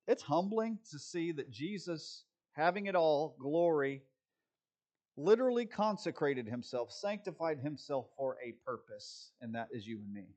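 A man's voice: fairly high pitch, expressive, unhurried, darkish tone. A man preaching a sermon as pastor, asking his listeners rhetorical questions, answering them himself and dropping wry jokes along the way. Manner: wry, joking asides.

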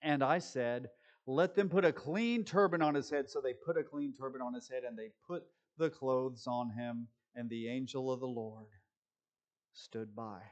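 A man's voice: medium pitch, dull audio. Man preaching a conversational sermon. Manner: conversational preaching, shifting between brisk asides and slow scripture reading. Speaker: pastor.

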